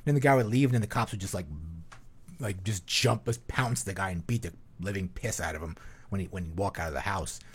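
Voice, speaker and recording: A man's voice: sits low, brisk, husky. A man hosting a podcast in a casual, rambling way, full of fillers and swearing. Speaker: podcast host. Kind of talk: casual chat.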